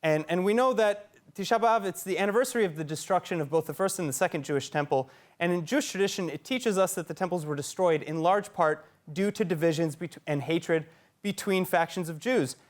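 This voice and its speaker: A man hosting a news debate, moderating in a measured way and trying to cut in between guests. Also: sits high. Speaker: news host.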